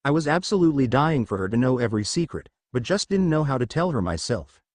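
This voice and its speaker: A man's voice: medium pitch, very animated, fast talker, no echo, studio quality. A man reading the lines of a sarcastic, icy young woman in an audiobook.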